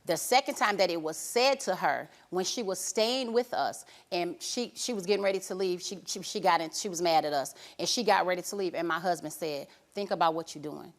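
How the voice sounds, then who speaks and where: A woman's voice: fairly low pitch, brisk, few pauses. A middle-aged woman on a talk show, insistent and defensive as she recounts events. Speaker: talk show guest, mother. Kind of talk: recounting and arguing.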